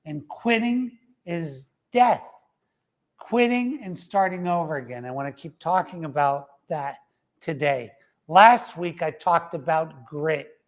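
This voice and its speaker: A man's voice: fairly high pitch, animated, takes it slowly. Emphatic middle-aged man giving a motivational talk. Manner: emphatic, repeats key phrases, adds "uh-huh" after his points. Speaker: motivational speaker.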